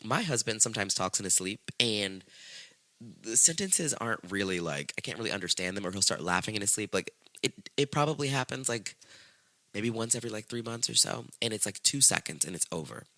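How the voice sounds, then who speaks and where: A man hosting a podcast, telling a true-crime story in a casual, profane, slangy way and acting out the quotes in high squeaky voices. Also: a little fast, dry recording. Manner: profane, slangy, animated retelling with acted-out quotes. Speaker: podcast host.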